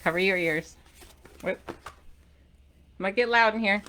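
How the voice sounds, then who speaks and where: A middle-aged woman gives an energetic talk to camera as a diet author. Her voice is bright and forward, and her manner is playful and animated, with loud emphatic bursts when she drives a point home. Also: mid-range voice, unhurried. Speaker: author and keto diet coach.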